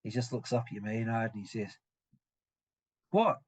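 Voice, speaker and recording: Husky male game master, halting. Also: fairly low pitch, flat delivery, darkish tone. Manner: halting, full of ums and restarts. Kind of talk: narrating a tabletop game.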